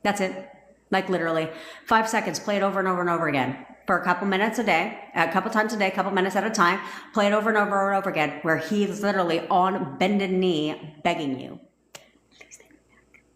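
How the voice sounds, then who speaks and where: A woman's voice: medium pitch, fast, fairly bright tone, reverberant, slight background noise. Blunt, profane woman coach. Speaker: manifestation coach. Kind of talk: casual livestream talk.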